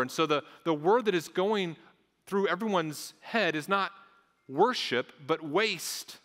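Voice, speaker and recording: A man's voice: a little high, measured pace, a bit bright. Earnest man preaching in a reverberant hall. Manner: earnest, repeats words, acts out voices of onlookers. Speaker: pastor. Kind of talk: sermon.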